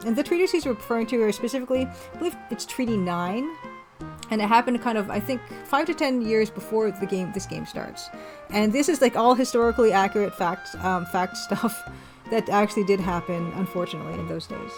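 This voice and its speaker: A woman's voice: medium pitch, fairly quick. Woman, casual, rambling, game-stream commentary, faint background music. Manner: chatty, rambling, self-deprecating. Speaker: game developer streaming her game. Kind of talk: casual let's-play commentary.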